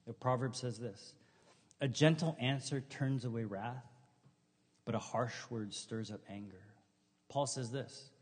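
A middle-aged man preaching a sermon in a relaxed, conversational way, telling funny stories and acting out what people said. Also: mid-range voice, unhurried, breathy edge, long reverb tail. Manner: conversational, humorous storytelling with acted quotes. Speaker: pastor.

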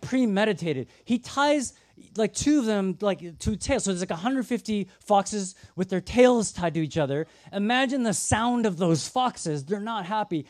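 Animated young male preacher. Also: sits high, no room sound. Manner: animated storytelling with fillers and restarts. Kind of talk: sermon storytelling.

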